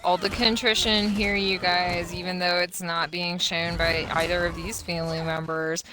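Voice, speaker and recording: A woman's voice: lowish voice, little pitch movement, normal speed, bright, forceful tone, a little hiss or hum. A woman co-commentating a live game event in a chatty manner, full of fillers and asides to the viewers.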